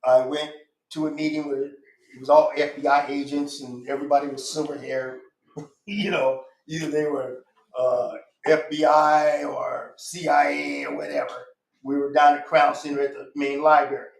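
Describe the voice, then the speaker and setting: A man talks in a high voice on a casual podcast. He is emphatic and insistent and circles back to repeat his points. The sound is roomy, with a noticeable echo. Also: moderate pace, slight background noise. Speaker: guest. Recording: echoey room.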